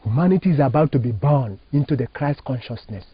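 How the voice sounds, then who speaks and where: In an interview, a man who is a Catholic priest from Nigeria teaches with emphatic, preacherly rising and falling phrasing, posing rhetorical questions. His husky voice is medium-pitched with lively intonation and a fairly quick pace, captured in a dull, dry, lo-fi recording.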